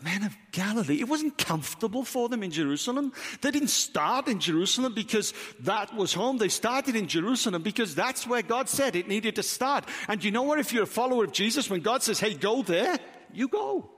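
A man's voice: sits high, expressive, a little fast, few pauses, fairly bright tone, slightly rough. A man with a Welsh accent, preaching a sermon as pastor, emphatic and full of rhetorical questions. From Wales. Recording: reverberant hall.

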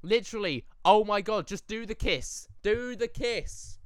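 Man, excitable movie reaction, high voice, slow unhurried delivery. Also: no echo. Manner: excitable, talks back to the screen, hums along. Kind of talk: casual movie reaction commentary.

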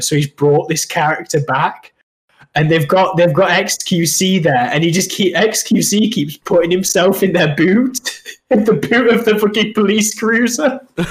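A young man telling animated, sweary gaming stories through laughter. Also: sits high. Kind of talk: casual gaming chat.

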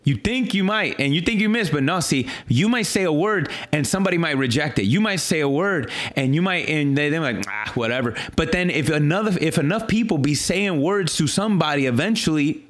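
A fairly high-voiced man gives a casual sermon follow-up. He stutters and restarts often, jumps up into excited exclaims and drops into low, earnest phrases. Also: fairly quick, hardly any pauses. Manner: animated, repetitive, frequent restarts and stutters. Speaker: pastor.

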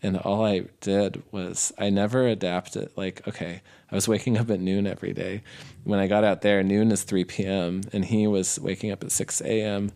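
A man with a low, dark voice and some vocal fry speaks at normal speed in a level tone. As an interview guest he tells a long personal story in a loose, rambling way, full of fillers and restarts, and laughs easily.

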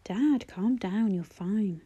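Woman doing a gentle grown son, soothing, soft, mellow tone. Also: medium pitch, slow pace, breathy edge, lo-fi sound.

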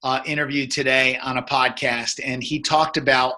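A man's voice: mid-range voice, flat delivery, normal speed, sharp tone. A man in his fifties, a men's coach, telling a story in casual conversation, rambling with many fillers and restarts.

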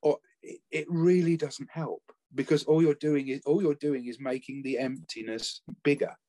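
A man, talking earnestly and haltingly about caring for his late spouse in a conversational interview. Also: a little high, steady tone, warm tone, dry recording. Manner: earnest, reflective, halting with restarts. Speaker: bereaved former family carer, guest.

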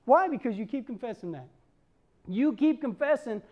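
A woman in her fifties preaching a sermon, animated and acting out the voices she quotes. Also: a little high, normal speed. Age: 50s.

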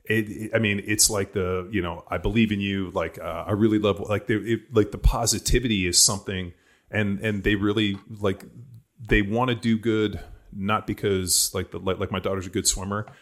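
A man's voice: on the low side, fairly even intonation, moderate pace. A man in his forties chatting casually about raising his kids, rambling with lots of fillers and restarts. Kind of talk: casual chat.

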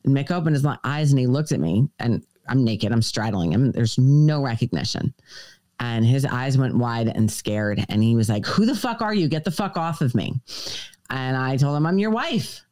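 A woman's voice: rumbling low, expressive, normal speed, mellow, no echo. A woman guest on a podcast, earnestly recounting a personal story and quoting dialogue in shifting voices. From United States.

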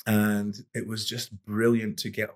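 A man's voice: fairly low pitch, flat delivery, measured pace. A middle-aged man, a boxing coach and podcast guest, telling stories in an easygoing, rambling way with many restarts. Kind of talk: relaxed conversational storytelling.

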